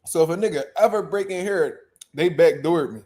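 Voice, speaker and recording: Young philly dude hosting a boxing stream, kinda high voice, loud jokey trash talk. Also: male voice, fairly quick. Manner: loud joking banter, bursts of laughter, profane slang. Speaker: boxing show host. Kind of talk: casual chat reacting to live chat.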